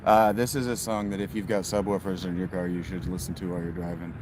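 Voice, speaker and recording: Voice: sits low, flat delivery, quick pace, darkish tone, a little hiss or hum. A vlogger making offhand, rambling asides in casual chat inside a vehicle.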